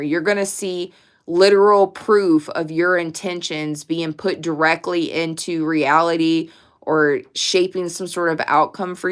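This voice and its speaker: A woman with a smooth, clear voice that's lowish for a woman does a casual pick-a-card tarot reading to camera. She talks to viewers directly, stresses her points, and swears freely.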